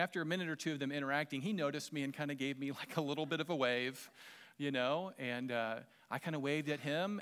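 A man's voice: mid-range voice, clear, resonant tone. Southern American man preaching conversationally. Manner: conversational, warm humor with asides to the congregation. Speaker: pastor. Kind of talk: sermon.

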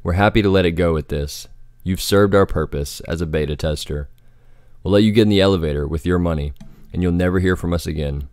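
A man's voice: deep voice, darkish tone, smooth, no echo, clean studio sound, lightly acted. A man voicing a cold, gloating female villain giving orders. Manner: cool, gloating, instructive.

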